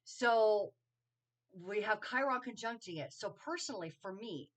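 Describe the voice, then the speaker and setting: A woman's voice: medium pitch, animated, a little slow. A woman giving a casual spiritual astrology talk, rambling and correcting herself with lots of ums and okays. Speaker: astrology teacher. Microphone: solo video to camera.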